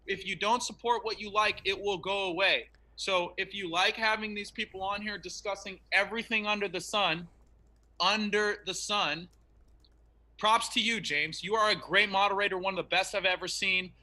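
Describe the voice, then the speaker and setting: A man's voice: high voice, steady tone, a little fast, few pauses, bright, forceful tone, low-quality recording. A man in an online debate, talking in an emphatic, preachy way over a remote call.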